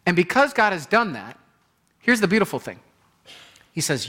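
A man preaching a sermon in an animated way, acting out inner voices and repeating phrases for emphasis. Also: high-pitched, moderate pace, long pauses, husky. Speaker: pastor.

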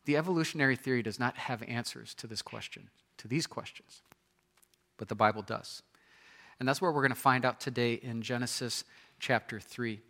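Bright-voiced man preaching. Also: medium pitch, normal speed. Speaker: pastor. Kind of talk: sermon.

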